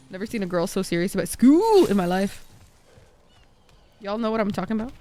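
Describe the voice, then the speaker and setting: Lively, swearing woman streamer. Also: medium pitch, fairly quick, long pauses, faint music behind. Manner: swearing, playful, chatty. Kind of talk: casual gaming commentary.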